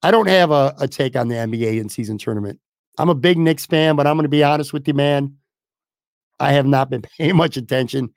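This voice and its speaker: Gravelly, hoarse sports podcast host. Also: male voice, mid-range voice, brisk, no room sound, clean studio sound. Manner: blunt, swearing, rambling. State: losing his voice. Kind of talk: casual sports talk.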